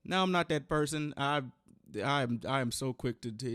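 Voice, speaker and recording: A man's voice: mid-range voice, fairly bright tone, clear, resonant tone, no echo, studio quality. A young man reacting casually to a video, talking in slang and swearing. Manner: slangy, swearing, quick exclamations.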